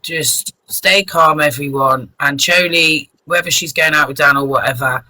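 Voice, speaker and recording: A woman hosting a live chat, slow and placating as she tries to settle a row. Her tone is bright and sharp. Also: low-pitched, slight background noise, rough recording. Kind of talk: casual chat, mediating.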